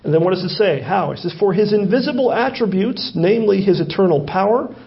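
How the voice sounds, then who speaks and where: A man with a high, gravelly voice preaching a sermon. He asks questions of his listeners and draws out key words from the verses he reads. The audio sounds dull and lo-fi. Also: lively intonation. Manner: rhetorical questions, slowing to stress scripture. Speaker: pastor.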